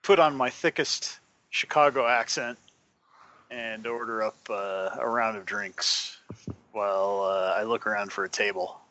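A man's voice: lowish voice, measured pace, sharp tone. A man playing a tabletop game, chatty and a little hesitant as he says what his character does, in a slightly muffled recording. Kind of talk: casual game talk.

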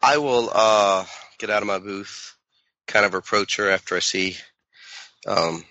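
A man speaking as a player in a tabletop game, deliberate and questioning. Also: fairly low pitch, pushed and bright, no echo, lo-fi sound.

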